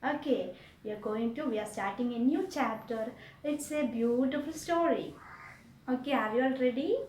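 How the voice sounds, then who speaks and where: Indian lady teaching kids english, slow and repetitive, sounds far from the mic in a roomy space. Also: on the high side, a little mellow, a little hiss or hum. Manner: repeats and explains slowly to children. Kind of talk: online class lesson.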